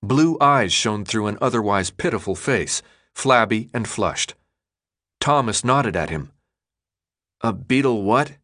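A male audiobook narrator reading a novel. His delivery is expressive, with pitch moving lively through each sentence. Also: unhurried, no echo, clean studio sound. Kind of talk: scripted narration.

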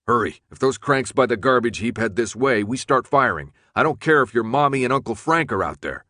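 A hard, impatient middle-aged pilot with a cold, gruff growl, as a man reading an audiobook puts him on. His lines are pushed loud and raised. It is a dry, close recording. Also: medium pitch, lively intonation, brisk, no room sound.

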